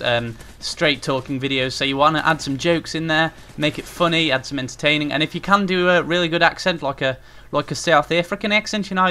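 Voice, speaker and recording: A man's voice: a little high, sharp tone. A young man giving casual, rambling tips on gaming commentary, with frequent fillers, as a YouTuber talking to his viewers. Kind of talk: casual spoken tutorial.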